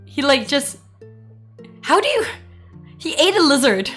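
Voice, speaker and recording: Giggly high-voiced woman streamer. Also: measured pace, faint music behind. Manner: giggly, animated storytelling with frequent laughs. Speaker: VTuber streamer. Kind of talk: casual livestream chat.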